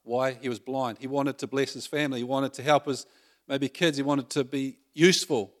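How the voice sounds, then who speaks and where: A man's voice: medium pitch, fairly even intonation, moderate pace. A man preaching a sermon in a conversational way, often asking the congregation questions.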